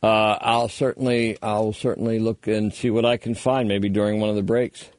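A man's voice: on the low side, level tone, normal speed, darkish tone, dry recording. A man hosting a call-in radio show, chatting casually and rambling with lots of fillers. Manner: easygoing, rambling with many fillers.

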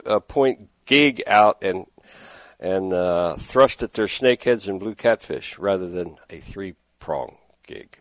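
A man's voice: deep voice, expressive, measured pace, a bit bright, no echo. A middle-aged man hosting a call-in fishing radio show, telling a story with exasperation and reading sponsor ads. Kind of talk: casual radio talk. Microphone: studio microphone with headphones.

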